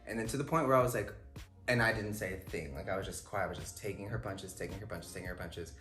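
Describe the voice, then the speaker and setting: A young man, a guest, telling a story in casual chat, animated and expressive with lots of fillers. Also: deep voice, fast talker, soft background music. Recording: echoey room.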